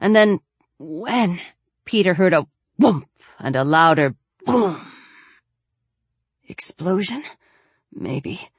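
A woman narrating a novel in a measured, steady reading voice. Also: deep voice, no room sound. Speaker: audiobook narrator. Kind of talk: scripted narration.

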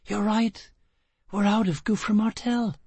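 A man's voice: sits high, steady tone, slow pace, darkish tone, breathy edge, no echo, pitched above the performer's own voice, exaggerated voice. A man voicing a frightened, exhausted young woman, his tone shaky, breathless and pleading. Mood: astonished joy.

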